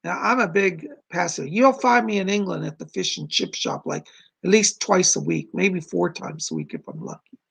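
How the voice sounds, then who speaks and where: A man hosting a psychic livestream in a casual, chatty way, earnest and quick to laugh. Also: high-pitched, very animated, gravelly, fairly bright tone, breathy edge.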